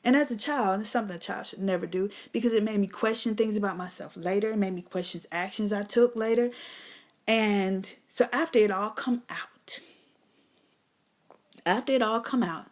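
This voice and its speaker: A woman's voice: medium pitch, fast, few pauses, darkish tone. A middle-aged woman hosting a live stream, telling a personal story candidly and bluntly, with lots of cursing, and talking straight to her viewers. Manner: blunt, emphatic, profane, addresses viewers as y'all.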